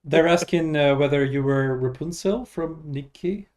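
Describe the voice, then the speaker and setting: A man's voice: fairly high pitch, unhurried, over a noisy crowd. Hesitant male stream host. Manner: hesitant, many filler "uh"s. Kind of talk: casual stream chat.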